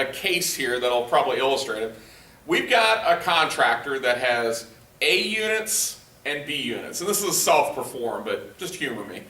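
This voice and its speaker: A man's voice: medium pitch, bright, forceful tone. A male trainer giving a conversational workshop lecture to a live group, often quizzing the room and using lots of fillers. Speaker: leadership trainer. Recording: echoey room, voice picked up from a distance.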